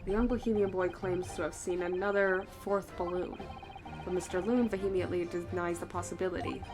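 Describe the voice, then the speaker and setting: A thoughtful young defense lawyer musing quietly to himself, as a woman reads his thoughts. The delivery is calm and low. Game music plays faintly underneath. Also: a little fast, lightly acted.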